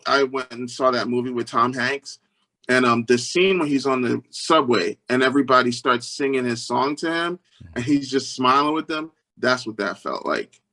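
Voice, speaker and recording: A man being interviewed as a guest. He tells stories earnestly, restarts his sentences often, and jumps into high, lively voices when he quotes other people. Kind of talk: storytelling interview.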